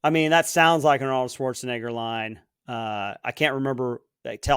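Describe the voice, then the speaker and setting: Smooth-voiced man guessing movie quotes. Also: mid-range voice, steady tone, moderate pace, fairly bright tone, dry recording, studio quality. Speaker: podcast co-host, quiz contestant. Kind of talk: casual chat.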